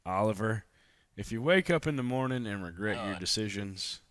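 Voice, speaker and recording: A man's voice: lowish voice, expressive, moderate pace, fairly bright tone, no echo. A man chatting on a live stream, swearing and laughing often and thanking donors. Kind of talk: casual live-stream chat. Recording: clear music playing behind.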